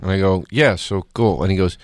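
A man's voice: low voice, fairly quick, dry recording, studio quality. A middle-aged man, a guest comedian, telling a story on a casual podcast and acting out both sides of it.

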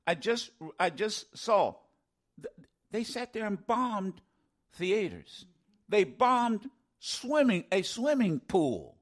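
A middle-aged man hosting a call-in radio talk show, animated and indignant, with sarcastic asides. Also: high voice, slow.

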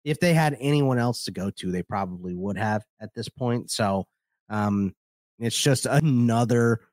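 Relaxed male co-host, easygoing sports banter, dry booth. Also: lowish voice, measured pace, no echo. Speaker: podcast co-host. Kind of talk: casual sports chat.

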